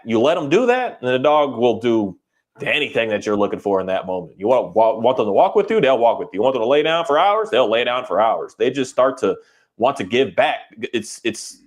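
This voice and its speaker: A man talks in an easygoing podcast conversation, his pitch sitting in the middle range. He is earnest and rambling, with plenty of restarts. Now and then he jumps higher to act out a dog's point of view. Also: expressive, fairly quick. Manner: earnest, rambling, acts out owners and dogs in a higher voice.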